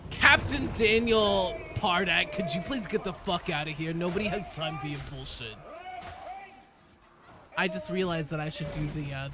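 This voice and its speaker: A man co-streaming a game, trading joking, profane banter. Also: fairly high pitch. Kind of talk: casual live-stream chat while gaming. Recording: noisy game sound behind voice.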